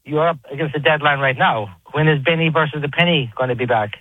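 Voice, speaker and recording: A man calling in to a sports radio show, chatting and firing off quick questions to the host. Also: a little high, dry recording. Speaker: caller. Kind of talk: radio call-in sports chat. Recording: husky voice on a tinny phone line.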